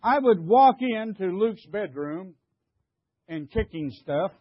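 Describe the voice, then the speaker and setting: A man's voice: high voice, lively intonation, takes it slowly, no room sound, dull audio. An older man preaching a sermon, emphatic, stammering and repeating himself as he questions the congregation. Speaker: pastor.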